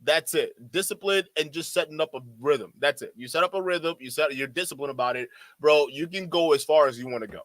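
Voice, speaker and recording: A man's voice: on the high side, fairly quick, a bit bright, no room sound. A man doing reaction commentary in a profane, sarcastic way, laughing often. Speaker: YouTube commentator.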